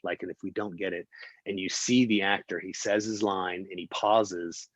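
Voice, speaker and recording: A man's voice: low-pitched, normal speed, dry recording, rough recording. A man, a film producer, telling a behind-the-scenes story as an interview guest, acting out what people said, with lots of fillers and restarts. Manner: animated storyteller, acts out quotes, many fillers and restarts.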